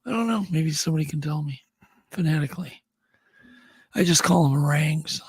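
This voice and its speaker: A man's voice: a little high, brisk, breathy edge, no echo. A man co-hosting a podcast, running through news items in a chatty, rambling way with frequent restarts. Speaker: podcast co-host. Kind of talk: casual chat.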